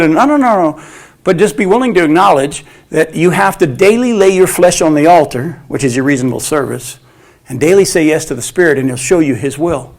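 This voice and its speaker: A man leads a Bible study in sermon style, his voice pitched on the high side. He talks with animation and slips into the voices of the people he quotes. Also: expressive, brisk, a little mellow.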